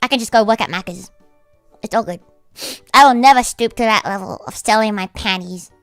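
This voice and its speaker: A woman livestreaming in casual chat, rambling with lots of fillers and breaking into high-pitched laughter. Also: brisk, fairly bright tone, no echo, faint music behind. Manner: rambling, heavy use of "like".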